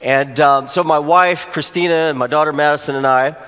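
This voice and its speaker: A man, a pastor, telling a humorous personal story during a sermon, animated at the funny moments. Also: on the high side, fairly quick, clear, resonant tone. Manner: storytelling, rising to animated exclamations for comic effect. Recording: long hall reverb.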